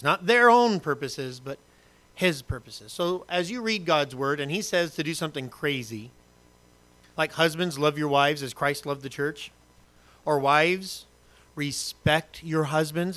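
A man preaching a sermon, reading scripture and acting out voices with humor and lively asides. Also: on the high side, unhurried. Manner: animated, acts out quotes and asides with humor. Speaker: pastor.

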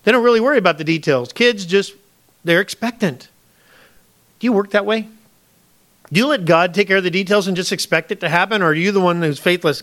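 A man's voice: high voice, brisk, long pauses, a bit bright. A man, a pastor, preaching a conversational sermon, often acting out pleading prayers to God and addressing the congregation as folks.

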